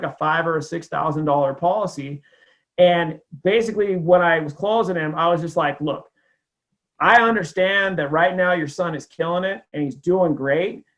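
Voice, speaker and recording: A man giving a casual sales training talk, telling a client story in a conversational way with lots of fillers. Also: a little high.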